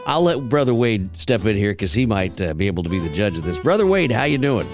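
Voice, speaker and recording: A man's voice: on the low side, big pitch swings, fast talker. A Southern radio host chats in an easygoing, folksy way, chuckling often. His voice moves up and down a lot. Faint music plays behind him. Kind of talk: casual radio chat.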